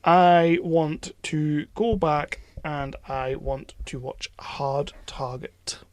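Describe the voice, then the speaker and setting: A man with a fairly high voice rambles excitedly about old action films as a podcast co-host. His jokes tumble out between tangents. The sound is close and dry, with no room around it. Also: extremely slow, dry recording. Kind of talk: casual film chat.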